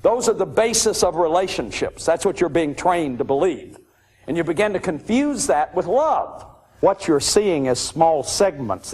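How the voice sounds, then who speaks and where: A man's voice: a little high, a little mellow. A man lecturing on addiction and recovery, emphatic and repeating his key phrases.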